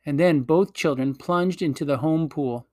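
A man narrating a children's fantasy story in a gentle, measured storytelling manner. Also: a little high, dry recording, studio quality. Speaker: audiobook reader.

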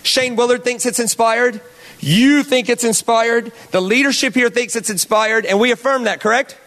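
A man's voice: very high-pitched, fairly even intonation, moderate pace, fairly bright tone. A male pastor telling a story in a sermon, talking conversationally and putting questions to the audience.

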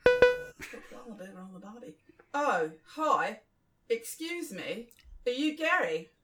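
A woman's voice: a little high, very animated, fairly bright tone, far from the mic, soft background music. Woman doing a clumsy Australian newcomer. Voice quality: stock-phrase accent read unrehearsed, halting. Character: Australian man newly moved to the area.

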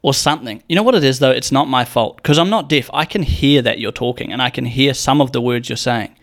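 A man's voice: mid-range voice, brisk. A young man hosting a casual solo podcast, rambling and joking with plenty of swearing and acted-out quotes. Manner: rambling, profane, jokey, acts out quotes. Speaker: podcast host.

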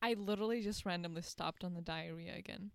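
A woman's voice: fairly low pitch, fast, vocal fry, no echo, studio quality. A nineteen-year-old woman co-hosting a podcast in casual chat, often giggling. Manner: giggly, breaks into laughter. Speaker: podcast co-host.

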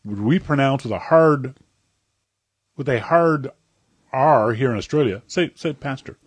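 A man's voice: mid-range voice, unhurried, breathy edge, no room sound. A man co-hosting a casual comedic podcast, blunt and profane, ranting grumpily. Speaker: podcast co-host.

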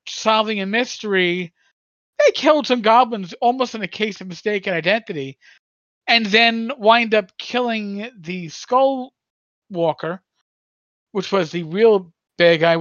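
A man's voice: high-pitched, fairly bright tone, dry recording, highs cut off. A man in his sixties, a podcast co-host, telling a long rambling story in casual chat with many stammers and restarts.

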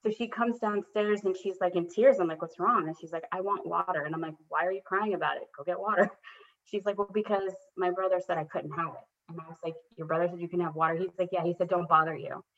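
A woman in her thirties, talking as an interview guest and telling a long story about her family in a candid, self-deprecating way. Her voice sits a little low and comes through dull lo-fi audio, and it brightens when she acts out her children's lines. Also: steady tone, fast talker. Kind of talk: casual conversational storytelling.

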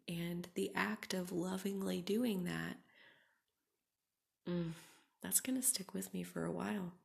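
A young woman hosting a reflective solo podcast, talking casually with many "like"s and often dropping into a soft whisper. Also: fairly low pitch, fairly even intonation, measured pace, vocal fry. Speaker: podcast host.

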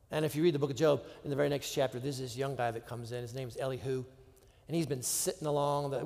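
A man preaching a sermon, with dramatic pauses and drops to a hushed voice. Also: fairly high pitch, big-room sound. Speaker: pastor.

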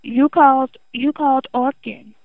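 A woman's voice: high-pitched, fairly even intonation, measured pace, dry recording. A woman working a customer service line who patiently repeats instructions to a confused caller. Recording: tinny phone line.

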